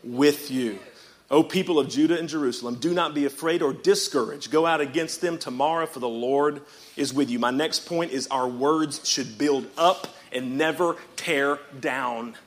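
A man pastor preaching a sermon in church, swinging from quiet reading up to shouted, rhythmic repeated phrases and calling out to the congregation. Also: on the high side, moderate pace. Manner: calls out to the congregation.

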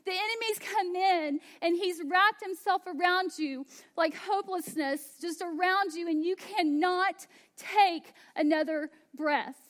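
A woman pastor in her thirties preaching a sermon, slow and emphatic, dropping to hushed asides. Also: very high voice.

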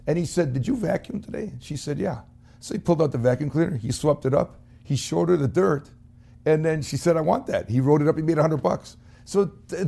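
Gravelly folksy male sales trainer. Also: on the high side, mellow. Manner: folksy, acts out voices in anecdotes. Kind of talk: storytelling motivational talk.

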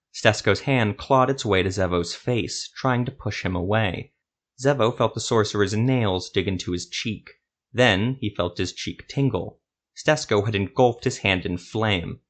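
A man narrating a grim fantasy story in a steady, measured reading. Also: on the low side.

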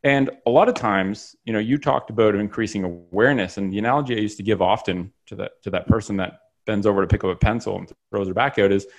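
Casting: man with a low, gravelly voice, animated and chatty as a host. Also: quick pace, hardly any pauses. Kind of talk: casual podcast conversation.

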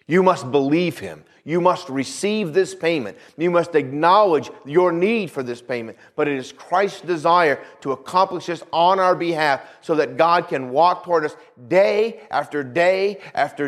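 A man's voice: on the high side, animated, unhurried. A male pastor preaching a sermon, repeating phrases for emphasis and calling out for amens.

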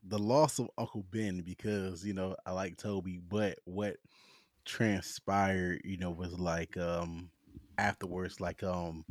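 A man's voice: low-pitched, takes it slowly, no echo, studio quality. A man in casual chat, telling stories with lots of laughter and acting out what people said. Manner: animated storyteller, acts out quotes with laughs.

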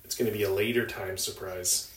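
A man co-hosting a podcast in casual chat, joking with deadpan banter. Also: fairly low pitch, fairly quick. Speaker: podcast co-host. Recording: roomy with faint ambience.

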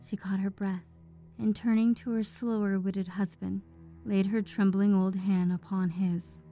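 A woman reading a story aloud as narrator, in a measured, even way. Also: medium pitch, soft background music.

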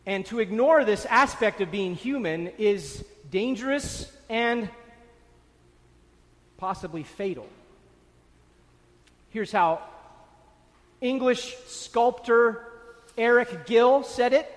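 A man delivers a sermon in a high voice, stressing his words and circling back to repeat key phrases. His voice carries a long reverb, as in a large hall. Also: expressive, slow pace, pauses often. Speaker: preacher.

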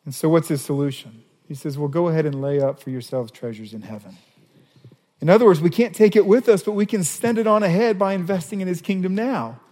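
A man's voice: a little high, brisk. Preaching man in a reverberant hall. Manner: animated preaching, reading scripture aloud. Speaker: pastor. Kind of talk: sermon.

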